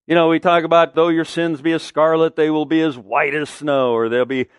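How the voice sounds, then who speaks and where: A man's voice: a little high, little pitch movement, brisk, clean tone, no room sound, clean studio sound. A man preaching a sermon as pastor, emphatic, asking the listeners questions and answering them.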